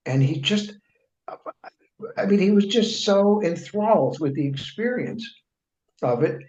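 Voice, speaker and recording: A man with a fairly high, mellow voice tells long stories as an interview guest. He restarts his sentences, fills the gaps with "uh", and slips into quoting other people. The sound is dull and lo-fi, in a roomy, echoing space. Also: expressive, unhurried, long pauses. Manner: rambling anecdotes with frequent restarts and fillers; acts out other people's remarks in quoted speech. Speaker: interview guest, writer and journalist. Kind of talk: conversational storytelling in an interview. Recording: echoey room, dull lo-fi sound.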